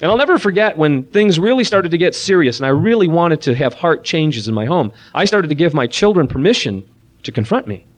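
A man leading a Christian parenting seminar, praying softly and then preaching earnestly and animatedly to a room of listeners. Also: on the high side, a little fast. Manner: earnest, animated preaching with a soft-voiced prayer. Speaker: seminar speaker. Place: room with an audience.

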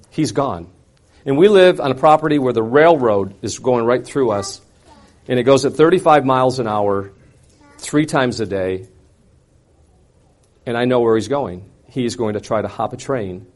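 A middle-aged man telling a personal testimony to an audience, swinging from loud, intense outbursts to quiet, hushed reflection. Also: medium pitch. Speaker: speaker sharing a personal testimony. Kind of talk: dramatic personal storytelling to an audience.

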